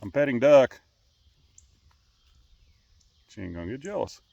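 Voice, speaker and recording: A man's voice: medium pitch, sing-song, measured pace, creaky, warm tone, dull audio. A man chatting playfully to his pets outdoors by a river, teasing, coaxing and laughing often. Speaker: pet owner filming his animals. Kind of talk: casual talk to pets.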